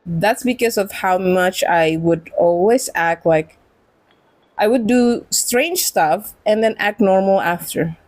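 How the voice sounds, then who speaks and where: A woman's voice: mid-range voice, slow, a little mellow, dry recording, poor audio. A woman streamer chatting casually while gaming, rambling and giggling often. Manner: giggly and rambling, with frequent laughs and restarts. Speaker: game streamer.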